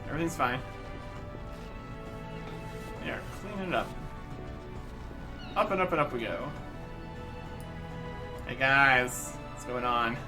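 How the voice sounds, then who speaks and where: A man's voice: medium pitch, expressive, takes it slowly, long pauses, music in the background, poor audio. A man hosting a let's-play, giving casual commentary with playful, giggly asides. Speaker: gaming channel host.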